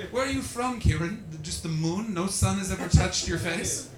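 A young man doing stand-up as a comedian and podcast host, brash and profane, working the crowd with sudden shouted bursts. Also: sits high, expressive, moderate pace, hardly any pauses. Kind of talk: live stand-up crowd work. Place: live comedy venue with an audience. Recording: roomy, distant live recording with noise.

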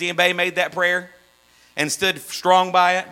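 High, bright-voiced preacher man. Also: normal speed, clean tone, rough recording. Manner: swings from loud fervent runs to hushed low asides. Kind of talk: sermon.

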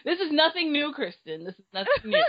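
A woman's voice: high-pitched, huge pitch swings, brisk, muffled recording, slight background noise. A woman co-hosting a casual chat, playful and teasing, laughing often. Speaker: podcast co-host.

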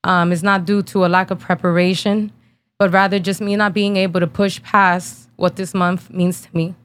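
A woman in her thirties, from New Jersey, tells a painful personal story on her podcast. Her voice sits a little low, and her telling is blunt and casual, full of slang and swearing. She is holding back tears as she talks. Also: little pitch movement, moderate pace. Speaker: podcast host.

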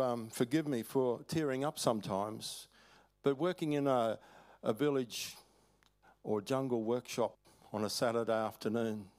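An older Australian man preaching a sermon, telling stories in a folksy way with chuckles and halting restarts. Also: mid-range voice, a little mellow. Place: church hall.

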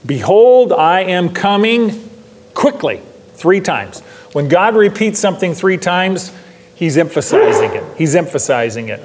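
A man's voice: fairly high pitch, darkish tone. A pastor preaching a sermon in a church, stressing his points by repeating them. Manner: emphatic, repeats key lines for stress. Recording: long hall reverb.

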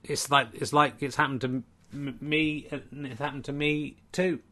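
A man's voice: mid-range voice, fairly even intonation, moderate pace, bright, forceful tone, close to an everyday voice. A man voicing a female alter ego, a snooker player who talks earnestly and ruefully, then coolly and firmly.

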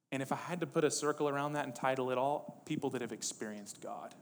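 A man's voice: mid-range voice, fast, hardly any pauses, big-room sound, slight background noise. A male pastor preaching a sermon, reading quotes with rising intensity between casual asides.

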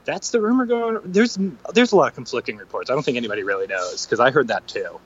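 A man's voice: medium pitch, lively intonation, fast talker, husky, dull audio. A man co-hosting a podcast in casual chat, dry and easygoing, calling in from a train. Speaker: podcast co-host.

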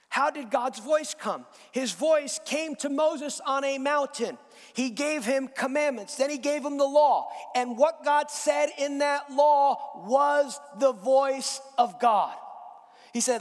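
High-voiced preacher man in a reverberant hall. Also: slow pace. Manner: preaching, swelling to shouts on key phrases. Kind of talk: sermon.

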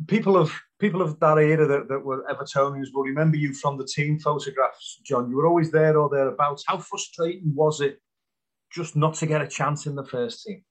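A man's voice: a little high, fairly quick. Male host who prompts his guest with questions about his career. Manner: prompting, with short agreeing replies. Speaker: interviewer. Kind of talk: interview questions.

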